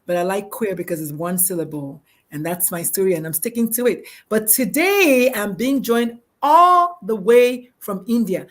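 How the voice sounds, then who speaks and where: A middle-aged woman hosting a live-streamed casual chat from her backyard, bubbly and animated, laughing often and restarting sentences. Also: medium pitch, normal speed, hardly any pauses. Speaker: talk show host. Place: backyard, outdoors.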